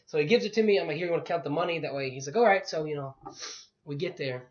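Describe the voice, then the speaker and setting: A man tells a story in casual podcast talk, acting out each person and swearing freely. His voice sits a bit high. The recording is dull and lo-fi. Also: fast. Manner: animated storytelling, swears freely, acts out the other people in the story.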